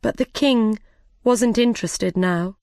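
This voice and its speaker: A woman narrating a simple story slowly and clearly for language learners. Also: on the high side, a little mellow, no echo, studio quality. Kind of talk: slow graded-reader narration.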